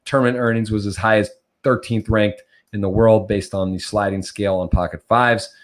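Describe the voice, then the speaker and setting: A man's voice: lowish voice, steady tone, normal speed. A man hosting a live-streamed poker podcast, chatty and upbeat, often restarting his sentences. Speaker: podcast host.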